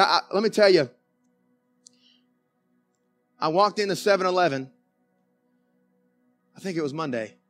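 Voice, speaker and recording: A male pastor preaching a conversational sermon in a church, folksy and animated, with many restarts. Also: high-pitched. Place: church sanctuary.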